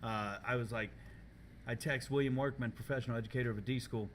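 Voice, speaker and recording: A man hosting a casual podcast, telling animated, profane stories and laughing often, recorded in a school culinary kitchen. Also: mid-range voice, fast, a little hiss or hum. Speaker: podcast host and culinary teacher.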